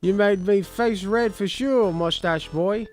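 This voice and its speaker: A man's voice: high voice, a little slow, a little mellow, soft background music, voice pushed up. A man voicing a boastful male ghost jar collector who taunts the player in a put-on working-class brogue. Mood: taunting.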